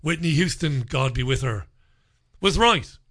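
A man's voice: a little high, animated, measured pace, pushed and bright. A man hosting a talk radio show, rambling through listener messages in a sarcastic, mocking monologue.

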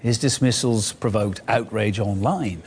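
A man giving a measured, formal broadcast news report. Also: fairly low pitch, a little mellow.

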